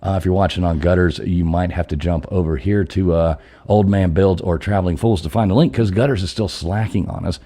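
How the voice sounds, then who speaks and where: A man with a low, mellow voice chats loosely on a live stream. He greets viewers one by one and drifts easily from topic to topic. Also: fairly even intonation, brisk, few pauses. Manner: easygoing, rambling, greets viewers by name. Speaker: livestream host. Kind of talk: casual live show chat.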